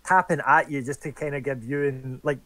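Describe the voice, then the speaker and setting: A man playing a character in a tabletop game, rambling excitably and losing his train of thought, over a video call. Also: mid-range voice, a little fast, no echo, poor audio. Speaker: player.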